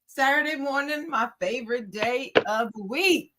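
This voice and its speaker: A woman's voice: high-pitched, moderate pace, hardly any pauses, fairly bright tone. An older woman, a grandmother, co-hosting a podcast in casual, rambling chat. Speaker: podcast co-host.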